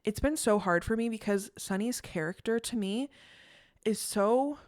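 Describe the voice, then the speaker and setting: A young woman in casual chat, co-hosting a podcast, retelling a story in a chatty, animated way. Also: medium pitch, unhurried, dry recording, clean studio sound. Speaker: podcast co-host.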